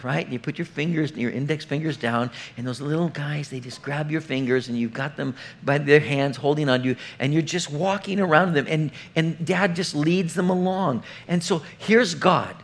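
A man's voice: fairly high pitch, moderate pace, hardly any pauses, fairly bright tone. A middle-aged man preaching an earnest, conversational sermon, often putting questions straight to the congregation. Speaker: pastor.

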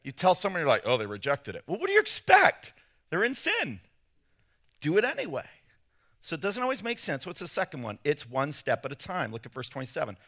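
A man preaching a sermon, telling a story in an animated way and acting out quotes with sudden loud jumps. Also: a little high, fairly quick. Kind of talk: sermon with personal anecdotes.

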